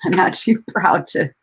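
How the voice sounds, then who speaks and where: Speaking slowly in a somewhat bright voice, a woman runs a relaxed livestream from her home. Laughter comes often, profanity flows freely, and she rambles and restarts while greeting viewers and answering them.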